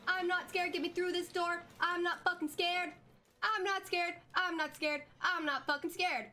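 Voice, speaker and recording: A woman's voice: extremely high pitch, fairly even intonation, normal speed, pushed and bright. A young woman streaming a horror game live, who screams, swears and jokes her way through the scares.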